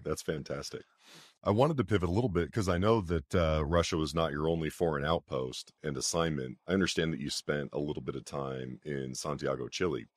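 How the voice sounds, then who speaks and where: A man's voice: a bass voice, dry recording, clean studio sound. A man hosting a podcast interview, asking long, loosely phrased questions with frequent fillers. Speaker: podcast host.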